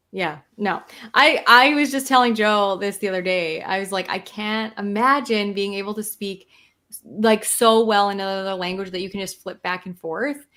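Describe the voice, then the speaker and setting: A woman co-hosting a podcast, curious and musing as she thinks aloud. She scatters "like" fillers through her questions in easy conversation. Her voice sits at an ordinary middle pitch for a woman. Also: bright, forceful tone. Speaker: podcast co-host. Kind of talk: casual chat.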